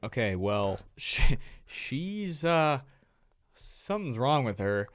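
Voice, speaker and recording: A man's voice: mid-range voice, very animated, slow pace, no room sound, studio quality. A young man co-hosting a podcast, talking bluntly and offhandedly in casual chat. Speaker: podcast co-host.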